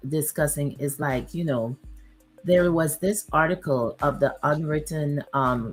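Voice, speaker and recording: A woman's voice: sits low, darkish tone, rough recording. A woman hosting a casual livestream, chatting with viewers and reading aloud with many fillers, her voice a bit worn. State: losing her voice. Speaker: YouTube livestream host.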